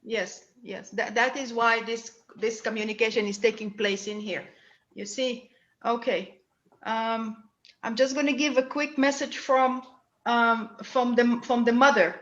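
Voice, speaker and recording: Woman psychic medium, high bright voice, halting and repetitive delivery, echoey lo-fi room sound. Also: fairly even intonation. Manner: halting, repeats words while searching. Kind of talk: mediumship reading at a church service.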